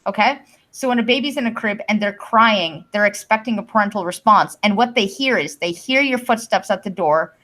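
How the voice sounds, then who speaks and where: A woman's voice: medium pitch, brisk, a bit bright, poor audio. A woman from Canada hosting a live-stream podcast, explaining her views at length in casual talk with casual swearing. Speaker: podcast host.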